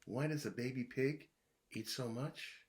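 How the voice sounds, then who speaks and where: A man reading a children's riddle book aloud in a playful way, posing each riddle and then answering it himself, dropping to a hushed voice when he plays the puzzled guesser. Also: medium pitch, measured pace, slight background noise.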